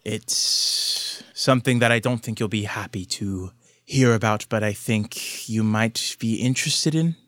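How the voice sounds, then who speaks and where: A man voicing a firm, matter-of-fact woman who leads a secret society, speaking in his own bright, clear voice. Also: lowish voice, measured pace, no room sound. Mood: grave. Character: brisk, stern older woman leading a secret society.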